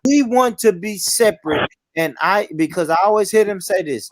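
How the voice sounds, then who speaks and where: A man hosting a heated online debate stream, animated and profane, often talking over his guests on a call. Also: high-pitched, moderate pace, no echo, clean studio sound. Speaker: stream host.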